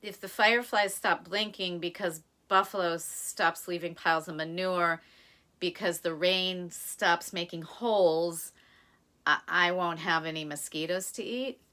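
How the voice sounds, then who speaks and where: A woman's voice: fairly low pitch, steady tone, bright, forceful tone. A woman voicing a grumpy, sleepless gecko who drags out his complaints and half sings them. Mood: dismayed. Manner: slow, drawn-out, half-sung complaining.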